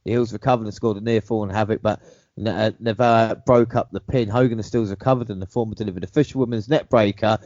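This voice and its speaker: A man with a low voice co-hosts a casual podcast. He reads recaps from a script, then drops into relaxed chat about the matches. The recording sounds dull and lo-fi, with a dry, close mic. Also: fast, no room sound. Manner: reads match recaps steadily, then chats with rating opinions. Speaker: podcast co-host recapping wrestling.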